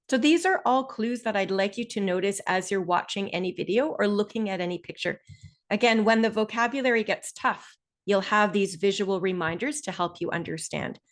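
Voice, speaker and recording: Patient woman teaching a webinar. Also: medium pitch. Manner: clear, patient explaining with deliberate word stress and pauses. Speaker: test prep instructor.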